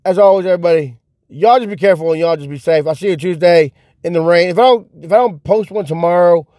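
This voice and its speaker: A man's voice: sits high, fast talker, mellow, no echo, clean studio sound. A young man rants casually to the camera in profane, rambling speech, repeating himself, sitting in a car. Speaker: vlogger.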